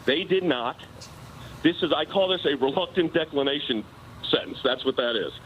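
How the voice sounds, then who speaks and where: A man's voice: fairly high pitch, expressive, moderate pace, muffled recording, slight background noise. A man, a personal attorney, arguing his case insistently in a live TV news interview. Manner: insistent, argumentative legal explanation.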